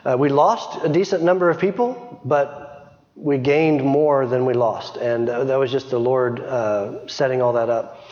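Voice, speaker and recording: A middle-aged man gives an informal, chatty missionary report to a church, frequently restarting and laughing a little. His voice is medium-pitched, unhurried and a little mellow. The sound is dull, with long hall reverb.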